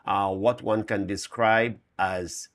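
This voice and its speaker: A man's voice: on the low side, steady tone, slow. A man with a Trinidad and Tobago accent, an emergency official giving a detailed, figure-laden update in a morning show interview.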